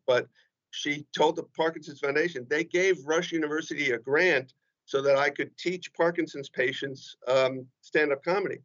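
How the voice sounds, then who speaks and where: A chatty man spins comic stories and acts out the people in them. His voice sits a little high, and the audio is dull and lo-fi. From New Jersey. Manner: animated, joking, acts out quoted voices. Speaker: guest comedian. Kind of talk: storytelling interview talk.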